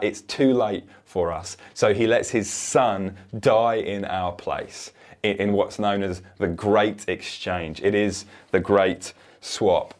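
A man preaching a sermon in an earnest, emphatic way. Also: on the low side.

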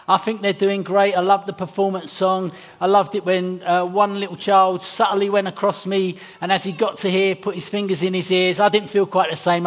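High-voiced English man preaching at carols. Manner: chatty and jokey, slowing for scripture reading. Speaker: pastor. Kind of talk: Christmas carol service sermon. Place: church hall before a congregation.

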